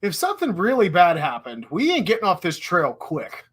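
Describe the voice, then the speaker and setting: A man's voice: high-pitched, wildly swooping pitch, moderate pace, fairly bright tone, slightly rough. A man co-hosting a podcast in casual chat, blunt, opinionated and profane. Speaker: podcast co-host.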